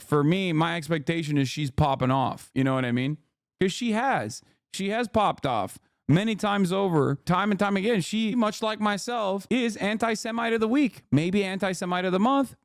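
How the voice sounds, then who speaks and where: A man's voice: a little high, no room sound, studio quality. A man hosting a stream, talking in a profane, sarcastic, rambling way. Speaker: streamer host. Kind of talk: casual commentary.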